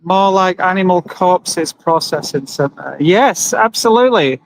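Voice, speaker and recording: Streaming from his phone outdoors next to a road with passing trucks, a male livestreamer at an animal rights vigil talks in a casual monologue. He's earnest and emotional, addressing viewers and reading their comments out loud. His higher voice has lively intonation and an unhurried pace, while the low-quality recording carries some hiss or hum.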